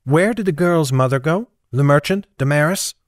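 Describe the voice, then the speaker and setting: A man's voice: on the high side, normal speed, no echo, studio quality, voice pushed up, natural voice. A man reading the part of a guarded young woman in a cloak in an audiobook, with careful, formal speech.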